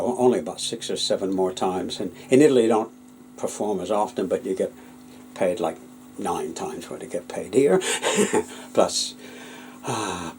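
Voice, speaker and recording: A puppeteer telling stories about his work in a relaxed, hesitant way, with many fillers and restarts. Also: sits low, a little hiss or hum, poor audio. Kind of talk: anecdotal storytelling.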